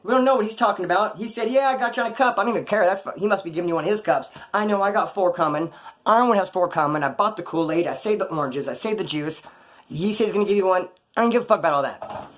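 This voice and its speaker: A man's voice: high voice, fairly bright tone. A man casually telling prison stories in a blunt, profane, slang-heavy way, acting out the dialogue. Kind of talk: casual storytelling.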